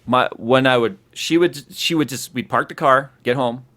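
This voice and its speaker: A man hosting a casual livestream chat, telling stories in an animated way and acting out the scenes. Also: mid-range voice, moderate pace. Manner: animated storyteller who acts out scenes. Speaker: host.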